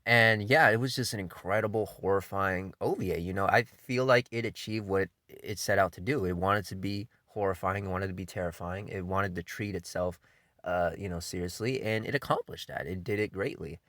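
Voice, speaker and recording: A man casually hosting an anime countdown, talking in a loose, enthusiastic way, swearing freely and filling pauses with um and you know. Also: low voice, fairly bright tone, no room sound, clean studio sound. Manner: laid-back and enthusiastic, with frequent swearing; loose delivery full of fillers like um and you know. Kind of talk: casual spoken countdown commentary.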